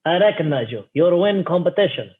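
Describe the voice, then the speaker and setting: A man's voice: sits high, expressive, brisk. A man putting on a brash gym bruiser. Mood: taunting. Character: brash muscular Russian gym man, boastful and sore loser. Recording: tinny phone-like line.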